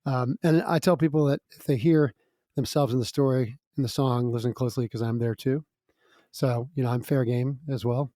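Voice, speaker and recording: A man's voice: mid-range voice, fairly even intonation, moderate pace, warm tone, no echo, clean studio sound. A middle-aged man, a guest musician, telling stories in a chatty way, laughing between lines. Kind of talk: casual storytelling interview.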